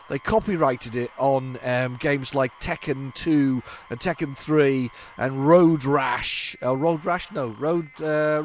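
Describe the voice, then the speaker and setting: A man with a slightly high voice talks casually as he hosts a retro gaming video. He rambles, restarts his sentences and fills gaps with ums. A faint hum of noise sits under the recording. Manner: rambling, chatty, many fillers and restarts. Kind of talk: casual chat while showing old game tapes.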